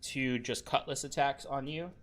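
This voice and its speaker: A man acting as game master, laying out rules and narrating in a relaxed way and laughing often. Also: medium pitch, normal speed, faint music behind.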